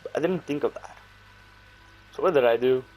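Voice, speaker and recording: A man's voice: medium pitch, darkish tone, faint music behind, poor audio. A young man telling a casual story, rambling, with slang and many restarts, briefly acting out the voices in it. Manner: acts out his own and others' lines in quick bursts.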